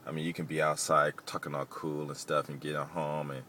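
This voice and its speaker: A man's voice: very deep voice, little pitch movement, a little fast. A middle-aged man vlogging as he drives, talking loosely and rambling, with lots of "you know" fillers. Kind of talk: casual rambling monologue while driving. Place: inside a moving car. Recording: loud road and engine noise. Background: car and traffic noise.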